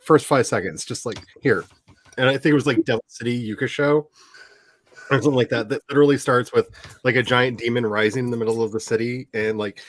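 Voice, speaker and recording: A man in his forties hosting a casual chat, telling animated stories, laughing often and acting out quotes. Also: mid-range voice, dry recording. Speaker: host.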